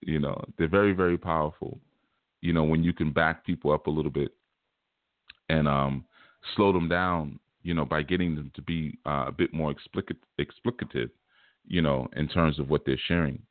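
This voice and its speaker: A man's voice: a bass voice, steady tone, normal speed, dry recording. A man hosting a spiritual teaching show, talking in a casual, laid-back, streetwise way and often repeating his phrases. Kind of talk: casual livestream talk. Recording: tinny phone-like dry sound.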